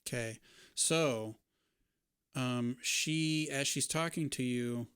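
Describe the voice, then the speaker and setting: A man narrating as game master of a tabletop game, describing scenes in a relaxed way with casual fillers. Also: mid-range voice, slow pace, clean tone, no room sound, clean studio sound.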